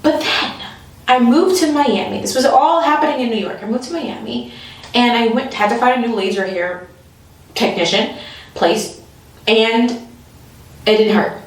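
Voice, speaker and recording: A woman tells a comic story in an animated way, laughing often and putting on the voices of the people she talks about. Her voice sits fairly high. She is heard from some distance in a very echoey room. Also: normal speed, long pauses. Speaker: comedian. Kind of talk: storytelling comedy.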